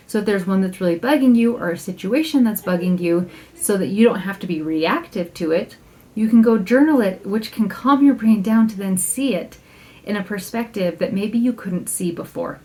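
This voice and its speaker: A woman's voice: medium pitch, darkish tone. Enthusiastic, chatty woman life coach. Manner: enthusiastic and chatty, laughs often, acts out her own thoughts in quotes; emphatic, slows down to stress key points. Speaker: life coach and podcast host. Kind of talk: casual podcast monologue.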